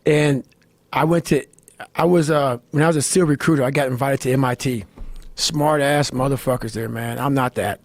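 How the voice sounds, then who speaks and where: A middle-aged man giving a blunt, profane motivational talk, swinging between low growls and shouted bursts. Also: fairly even intonation, moderate pace. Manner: blunt, swearing constantly, fired-up. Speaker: motivational speaker. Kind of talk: intense profane monologue.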